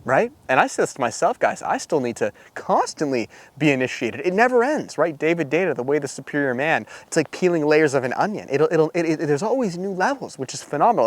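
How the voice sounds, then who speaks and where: A man who coaches Christian men, giving a casual, preachy talk to camera. He is animated and full of fillers and rhetorical asides. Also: a little high, dry recording.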